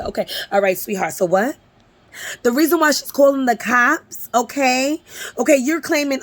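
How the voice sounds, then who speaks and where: Woman host roasting a clip, sassy and mocking, pretty high voice. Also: moderate pace. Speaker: commentary channel host. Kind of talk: casual reaction commentary.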